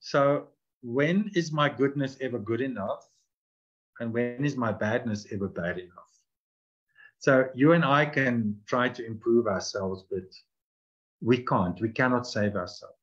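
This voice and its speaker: A man's voice: mid-range voice, measured pace, muffled recording. A man who is a guest teacher, explaining Christian ideas in conversation and illustrating them with stories. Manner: storytelling, with voiced quotes.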